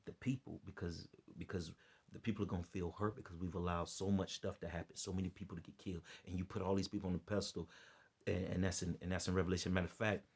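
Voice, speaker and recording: Tired male vlogger, preachy and repetitive, rough husky low voice. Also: little pitch movement, quick pace, darkish tone. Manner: repeats himself, loose and earnest. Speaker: vlogger giving religious commentary. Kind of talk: rambling preachy monologue to camera.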